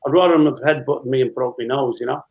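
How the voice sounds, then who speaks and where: A man in his fifties, a former footballer, telling lively anecdotes with frequent laughter as an interview guest. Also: mid-range voice, fast, creaky, phone-quality sound. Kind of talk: casual storytelling interview.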